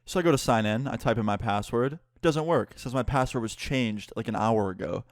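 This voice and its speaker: A man's voice: mid-range voice, a little fast, no echo, clean studio sound. A young man casually retelling a personal story for his channel, candid and cursing freely. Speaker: YouTuber.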